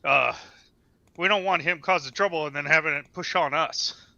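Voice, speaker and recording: A man playing a wary character in a tabletop game, stammering as he works out what to say. His tone is very bright and sharp, the pitch slightly raised. The sound is dull and lo-fi, yet dry and close. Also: moderate pace, vocal fry, dry recording. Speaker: player. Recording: dull lo-fi line.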